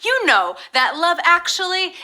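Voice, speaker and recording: A woman hosting a live trivia game show, chatting casually in a bubbly, playful way with quick asides. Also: very high voice, big pitch swings, heavy background noise. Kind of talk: casual chat.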